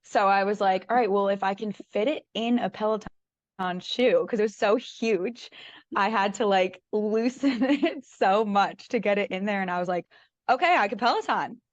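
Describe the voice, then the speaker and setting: A woman's voice: medium pitch, moderate pace, no echo. Woman rambling through her story, acts out what she was thinking, kinda dull dry recording. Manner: animated, acts out her own thoughts with lots of "like". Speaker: guest. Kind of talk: casual storytelling.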